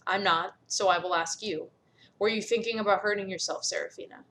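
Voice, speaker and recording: A firm, caring young team captain who talks in steady, earnest tones and pleads when she worries, as a woman voices her. Her pitch sits mid-range, just as in plain talk. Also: a little fast, natural voice.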